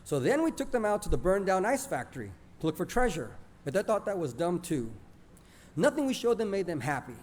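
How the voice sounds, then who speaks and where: Warm-voiced man telling a childhood story. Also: high voice, big pitch swings, fairly quick, a little hiss or hum. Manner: plainspoken, mixes in Spanish words. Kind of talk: oral storytelling of a childhood memory.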